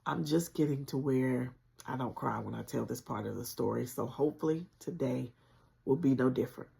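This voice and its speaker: Earnest woman with a gravelly voice. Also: rumbling low, moderate pace, warm tone. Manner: earnest, conversational, with spiritual conviction. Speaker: channel host sharing a personal story. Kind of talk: emotional personal storytelling on a livestream.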